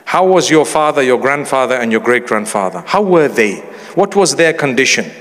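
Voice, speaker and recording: A man's voice: medium pitch, lively intonation, moderate pace, fairly bright tone. A middle-aged man preaching a sermon in a chatty, humorous way, with Arabic phrases woven in. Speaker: Islamic preacher. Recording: long hall reverb.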